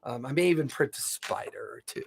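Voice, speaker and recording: A man's voice: mid-range voice, expressive, a little fast, creaky, husky. A man narrating a tabletop game as game master, describing scenes vividly and laughing often.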